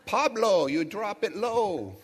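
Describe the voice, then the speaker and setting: A man voicing a carefree, partying rich man who sings and teases in a high falsetto. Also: big pitch swings, slow pace, a little hiss or hum, heavily acted. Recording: long reverb of a large hall.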